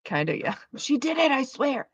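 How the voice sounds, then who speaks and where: A woman's voice: high-pitched, big pitch swings, moderate pace, creaky, dry recording, dull audio. A woman chatting casually on a live stream, rambling and swearing through her asides.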